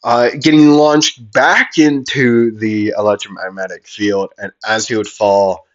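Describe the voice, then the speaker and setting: Slow, rambling male storyteller. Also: fairly low pitch, fairly even intonation. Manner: rambling, with hesitations and sound effects. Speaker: fan storyteller. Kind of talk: improvised fan-fiction narration. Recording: dull lo-fi audio.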